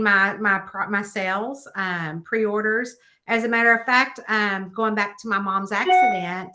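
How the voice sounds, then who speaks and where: A woman author chatting in an interview, telling stories in an animated way with plenty of fillers like "um" and "you know.". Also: mid-range voice. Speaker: guest author. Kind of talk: casual interview chat.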